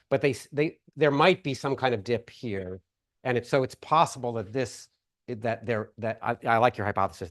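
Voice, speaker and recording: A man giving a plenary lecture at a research workshop, speaking casually with many fillers and restarts. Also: fairly low pitch. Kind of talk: academic conference talk. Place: lecture hall.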